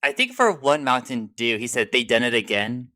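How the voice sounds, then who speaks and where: A man on a podcast as a guest, telling a story with excitement and plenty of swearing. His voice is bright and sharp, leaping up and down in pitch. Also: normal speed. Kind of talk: casual chat.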